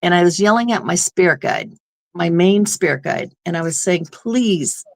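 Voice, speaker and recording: A woman's voice: fairly low pitch, very animated, normal speed, vocal fry. A woman guest on an interview show, telling a personal story in an earnest, rambling way. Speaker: guest medium.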